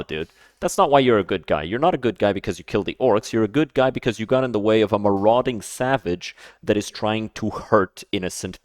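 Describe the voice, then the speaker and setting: A man giving casual reaction commentary, emphatic and quick to repeat himself, often stumbling and restarting his phrases. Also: fairly low pitch, no echo, clean studio sound. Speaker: streamer reacting to a video.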